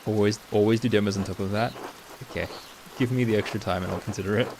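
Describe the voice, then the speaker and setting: A man streaming live in casual chat, who talks in a chatty way and answers his viewers with quick asides. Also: on the low side. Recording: steady rain noise behind.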